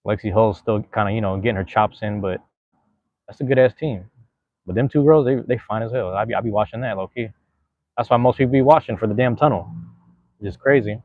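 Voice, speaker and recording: Male podcast host, laid-back and slangy, a bit low-pitched, dry close sound. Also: no room sound, phone-quality sound. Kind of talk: casual podcast chat.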